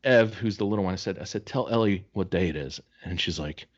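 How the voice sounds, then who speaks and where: Low-voiced man telling stories on a podcast. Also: a little fast, lo-fi sound. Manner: animated storyteller acting out quoted voices. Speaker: podcast co-host. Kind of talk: casual podcast chat.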